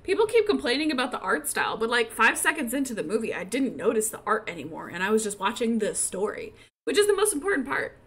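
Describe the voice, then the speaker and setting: Bright, lively woman streamer chatting. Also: on the high side, fast, breathy edge. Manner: chatty, rambling, full of "like" and laughter. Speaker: gaming streamer. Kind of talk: casual let's-play commentary.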